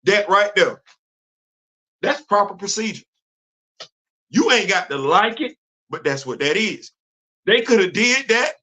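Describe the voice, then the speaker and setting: A man's voice: high-pitched, big pitch swings, unhurried, long pauses, sharp tone. A man hosting his own show, ranting in casual, emphatic, slangy commentary. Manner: emphatic, exasperated, loose slangy talk. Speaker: podcast host.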